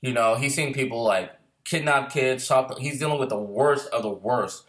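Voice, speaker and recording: A man's voice: mid-range voice, normal speed. A middle-aged man, a screenwriter and former Marine, telling stories in casual chat, rambling and swearing freely, often restarting his sentences.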